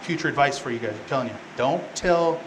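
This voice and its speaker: A man's voice: medium pitch, fast, noisy background. Joking man retelling a Bible story. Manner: joking, rambling asides to the room. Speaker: Bible class teacher. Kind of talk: casual Bible storytelling to youth.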